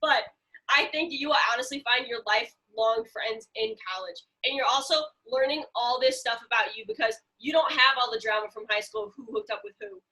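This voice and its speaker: Young woman from central illinois, bright high voice, animated, cusses a lot, on a video call. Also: a little fast. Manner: animated, swears freely, gives blunt advice. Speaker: podcast co-host. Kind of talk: casual chat.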